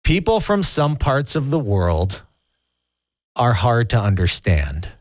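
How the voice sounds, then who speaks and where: A man's voice: mid-range voice, big pitch swings, slow pace, no room sound. A man, hosting a casual radio chat in a chatty, joking way. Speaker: radio host.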